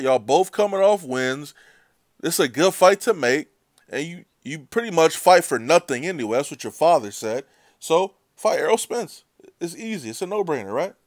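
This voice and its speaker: A man's voice: mid-range voice, no echo, clean studio sound. A man ranting about boxing in a blunt, sarcastic, heated way. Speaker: boxing commentator. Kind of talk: opinionated rant.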